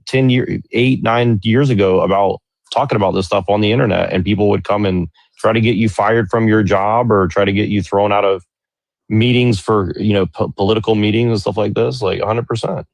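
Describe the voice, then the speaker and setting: A man's voice: on the low side, fairly even intonation, a little fast, gravelly, no echo. A man arguing politics in a heated live-stream debate, defensive and repeating himself when pushed. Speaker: guest speaker on a live stream.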